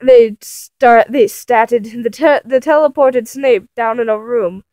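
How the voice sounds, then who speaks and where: A woman's voice: a little high, slow, darkish tone, dry recording, poor audio. A woman reading a fanfiction aloud for comedy in a theatrical way, giggling and sounding incredulous at the text. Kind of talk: comic dramatic reading.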